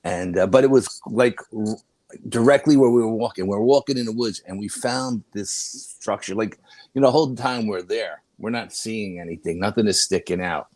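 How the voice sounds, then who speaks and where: A man's voice: fairly low pitch, moderate pace, a little mellow, no echo. An older man, a paranormal investigator and guest, tells a rambling story in a casual way, with many restarts and "you know"s.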